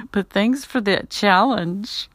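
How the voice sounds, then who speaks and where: A woman with a raspy morning voice, chatting casually in a voice message and laughing often. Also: mid-range voice, drawn-out words, fairly bright tone, slight background noise. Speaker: podcast listener replying.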